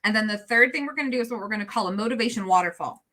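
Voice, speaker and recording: A woman's voice: mid-range voice, very fast, pushed and bright. Chatty woman hosting a livestream. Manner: friendly, chatty, laughs easily. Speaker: livestream host. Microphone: video call.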